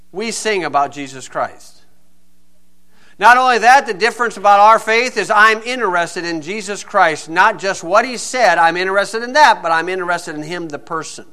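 A man's voice: sits high, sharp tone. A man preaching a sermon in a folksy, joking and emphatic way.

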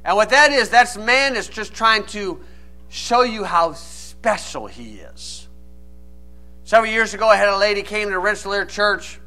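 A man's voice: high voice, expressive, unhurried, sharp tone, faint music behind. A man preaching a sermon, reading old scripture aloud and then explaining it in plain, folksy asides. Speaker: pastor.

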